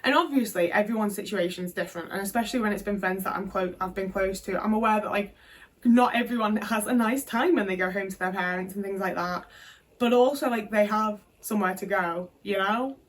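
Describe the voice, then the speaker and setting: Heard a little distant from the mic, a woman speaks with frank, emotional candour, peppering her vlog story with fillers and the odd swear word. Her pitch sits mid-range for a woman. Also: fairly quick. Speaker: vlogger. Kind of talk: candid personal vlog.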